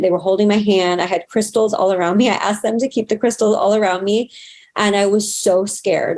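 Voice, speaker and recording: A woman in her thirties, a guest in an interview, telling a personal story in an earnest, expressive way that rises sharply in pitch when she gets excited.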